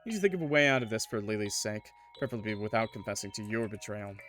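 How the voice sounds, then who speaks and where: Casting: animated gaming host, lively swinging voice, soft game music behind. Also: male voice, lowish voice, fast talker. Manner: excitable, animated reactions. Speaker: gaming streamer. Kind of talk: let's play commentary and reading narration.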